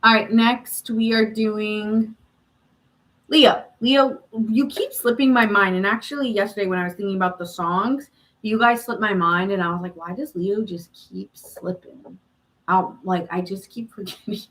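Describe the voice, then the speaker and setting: A woman's voice: medium pitch, moderate pace, fairly bright tone, poor audio. A woman hosting a live tarot reading stream, chatting casually and answering viewer comments with frequent laughs.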